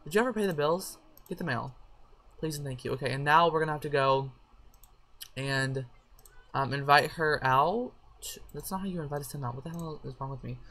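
A woman chatting through a life-sim game with a sore throat and a headache, excitable and swearing freely at her characters. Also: sits low, fairly quick. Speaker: let's play gamer. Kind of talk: casual gameplay commentary.

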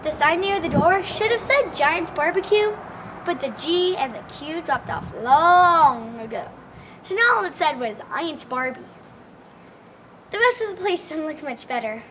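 A woman telling a children's tall tale in a lively, expressive, folksy way. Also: very high voice, moderate pace, background noise. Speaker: storyteller. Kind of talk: animated storytelling for children.

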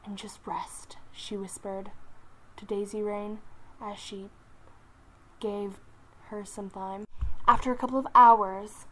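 Slow, halting young woman narrating a story. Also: mid-range voice, flat delivery, a little hiss or hum, low-quality recording. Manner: slow, halting read with restarts, soft whispery asides.

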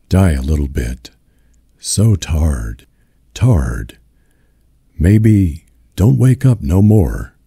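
A man's voice: very deep voice, dark tone, slightly rough, no echo, studio quality, full character voice. A man doing drunk despairing Uncle John.

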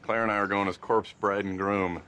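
An actor playing a goofy, eager sitcom dad who loves bad jokes. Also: male voice, fairly low pitch, flat delivery, a little fast, sharp tone. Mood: jokey. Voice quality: jokey and eager. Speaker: sitcom husband. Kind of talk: sitcom acting. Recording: TV audio with faint noise.

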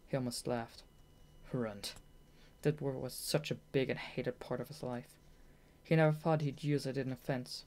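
A woman narrating a children's audiobook in a measured, gentle storytelling manner. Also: rumbling low, fairly even intonation.

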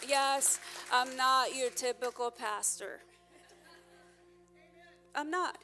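A woman pastor preaching a candid, emphatic sermon, her loudness rising and falling as she presses her points. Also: sits high, slow, soft background music, a faint crowd.

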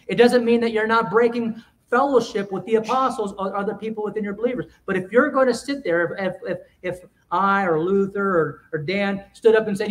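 Guy preaching in church, kinda high voice, punchy, goes loud then drops way quiet. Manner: emphatic, swings between loud and quiet, quick asides. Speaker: pastor. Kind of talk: sermon.

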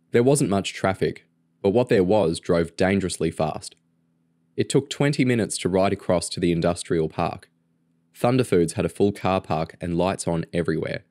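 A man reading a novel aloud in a steady, plain storytelling manner. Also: low-pitched, no echo, studio quality. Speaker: audiobook reader. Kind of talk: reading a novel aloud, doing character voices.

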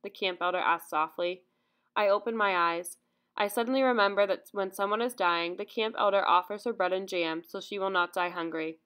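A woman reading memoir narration aloud in a measured, earnest way. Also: medium pitch, fairly bright tone, clean tone. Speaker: audiobook narrator.

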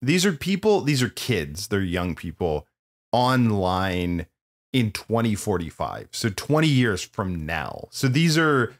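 A man co-hosting a podcast, chatting casually about a movie with animated, opinionated remarks and frequent laughs. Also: on the low side, slow. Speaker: podcast co-host. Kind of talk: casual movie-review chat.

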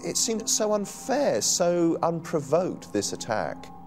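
A man's voice: a little high, sing-song, takes it slowly, a little mellow. A man giving earnest, emphatic documentary testimony as a witness. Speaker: witness interviewee. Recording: faint music under the voice.

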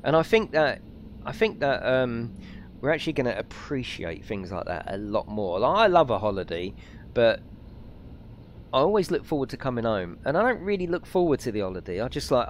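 A man chatting through a live gaming stream, excitable and talkative. His voice swings widely up and down in pitch as he reacts, and faint game sounds sit quietly behind him. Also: brisk, a little hiss or hum. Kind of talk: live let's-play commentary, chatting with viewers.

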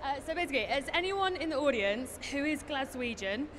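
A woman's voice: high-pitched, animated, fairly quick, a bit bright, slight background noise. A woman hosting a live convention stage interview, chatty, laughing often and hyping up the crowd.

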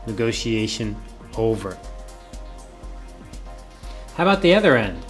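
Guy professor lecturing, repeats stuff, asks questions then answers them, average pitch, faint music behind. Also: very animated, moderate pace, pauses often. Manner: repeats key points and asks rhetorical questions. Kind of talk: classroom lecture.

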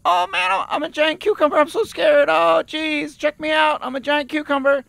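A man voicing a goofy amateur actor auditioning as a giant cucumber, shouting his lines. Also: very high-pitched, level tone, unhurried, vocal fry, no echo, voice pushed up, exaggerated voice. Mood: scared.

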